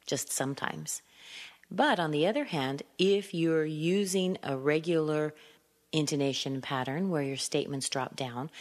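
A woman teaching English pronunciation in a low, steady voice. She speaks clearly and deliberately, trying out each point aloud as she explains it. A long reverb trails behind her words. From California. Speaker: accent trainer.

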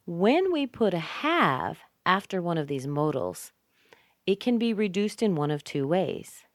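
A woman with a North American accent teaching English pronunciation, repeating example phrases slowly with exaggerated stress. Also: fairly low pitch, sing-song, no echo, studio quality. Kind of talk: scripted pronunciation lesson.

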